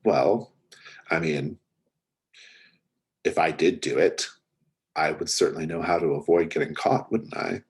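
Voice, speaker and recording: A man's voice: rumbling low, steady tone, unhurried, long pauses. A man voicing a sly middle-aged man who is a mystery fan, in a smug, teasing tone.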